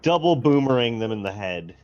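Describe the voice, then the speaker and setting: A man joins a tabletop game session with quick joking wisecracks. His voice sits in a mid range, recorded dull and lo-fi over faint music. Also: medium pitch, expressive, a little mellow. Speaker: player. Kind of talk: casual tabletop game play.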